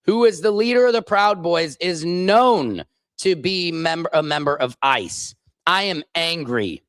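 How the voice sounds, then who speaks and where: Angry man, comedian host, profane rant, slow deliberate pace, higher voice. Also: fairly bright tone, no room sound. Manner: furious, profane, repeats phrases. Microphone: streaming microphone.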